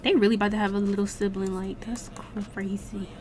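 A young woman giving casual, slangy let's-play commentary as the channel host, chatting and reacting loudly to the game. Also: mid-range voice, flat delivery, fairly quick, a little hiss or hum.

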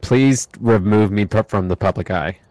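A man's voice: fairly low pitch, normal speed, dry recording. Jokey man playing a ghost game. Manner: jokey, hushed when speaking to the ghost. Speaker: game player and guest. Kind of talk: playing a horror game with friends.

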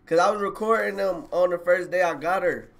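A man's voice: high-pitched, a little fast, gravelly, fairly bright tone. A man telling a rambling story to his livestream viewers in slangy casual chat, talking to them directly on a phone at home. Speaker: live streamer telling a personal story.

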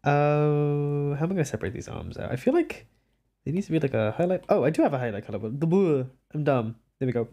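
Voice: medium pitch, animated, quick pace, dark tone. A young adult streamer chatting casually with live chat while drawing, rambling and often breaking into giggles. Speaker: livestreamer.

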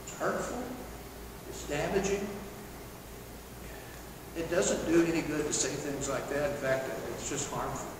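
A man preaching a sermon in a church, animated, acting out quoted lines in a loud voice. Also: on the high side, measured pace, pauses often. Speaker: pastor. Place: church sanctuary. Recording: echoey hall from far off, noisy.

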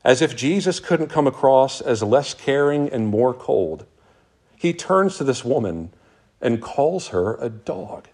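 A man preaching a sermon as pastor, reading scripture passages aloud with earnest, dramatic pauses. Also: medium pitch, sing-song, darkish tone, slightly rough.

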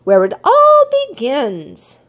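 A woman voicing a cheerful little female yellow bird who acts as a teacher, with excited, chirping delivery. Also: high-pitched, slow pace, voice pushed up, full character voice. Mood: delighted.

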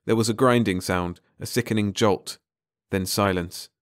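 Low steady guy reading a sci-fi story aloud, measured and dramatic, dry close sound. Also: no echo. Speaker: audiobook narrator. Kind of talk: scripted audiobook narration.

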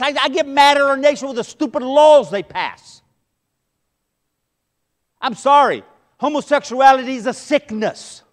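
A middle-aged man preaching a sermon as pastor, impassioned, swinging between loud emphasis and hushed asides. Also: very high voice, animated, normal speed, long pauses.

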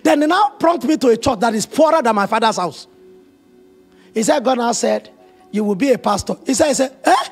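A man preaching a sermon as pastor, telling stories with emotional, animated quoted dialogue. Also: very high-pitched, a little fast, slightly rough, soft background music.

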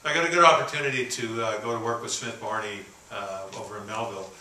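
Halting older man telling stories, roomy hall. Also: on the low side, fairly even intonation, pushed and bright, slight background noise. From Canada. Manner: folksy, halting, many fillers and restarts. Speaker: keynote speaker. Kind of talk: storytelling speech. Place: conference hall. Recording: roomy, distant venue recording with faint ambience.

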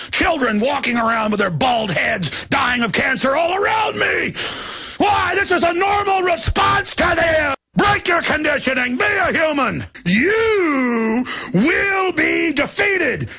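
Furious shouting man, gravelly and raspy. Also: very high voice. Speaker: talk show host. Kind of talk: ranting monologue.

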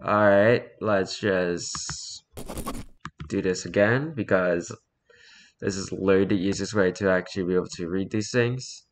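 A man casually reading social media posts aloud, dropping into quiet muttered asides between them. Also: low-pitched, fairly even intonation, unhurried, slight background noise.

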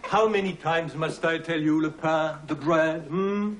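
A man as a French language tutor, French accent, fussy and theatrical, a bit high-pitched, noisy 1980s TV recording. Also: a little slow, lightly acted. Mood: exasperated. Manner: precise, theatrical, easily exasperated. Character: fussy male French tutor, middle-aged. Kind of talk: 1980s television drama acting.

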